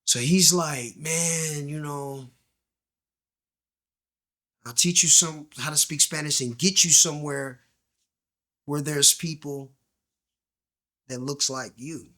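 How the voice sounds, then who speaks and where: Slow and pausing often, this man's slightly high voice has fairly even intonation and a sharp tone. He's a guest telling his story in slang during a candid storytelling interview, acting out quoted voices and nearly whispering at tense moments.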